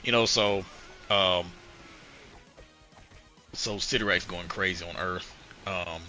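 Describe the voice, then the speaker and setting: A man's voice: low-pitched, slow pace, bright, forceful tone, soft background music, low-quality recording. A man co-hosting a casual podcast, retelling comic book plots in a rambling way, with a lot of "you know" and swearing. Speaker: podcast co-host.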